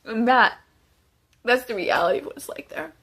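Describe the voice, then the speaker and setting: A woman's voice: a little high, expressive, normal speed, gravelly, a bit bright, breathy edge. A woman giving emotional testimony as a former inmate, urgent and pleading. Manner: urgent, pleading, tearful at times.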